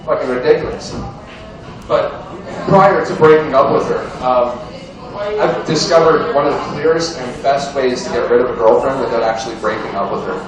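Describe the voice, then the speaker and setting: A man's voice: mid-range voice, moderate pace, heavy reverb. A young man doing an amateur stand-up set in a bar, crude and rambling, chatting with the crowd, recorded from far off. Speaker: stand-up comedian. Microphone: far camera. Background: crowd chatter and laughter.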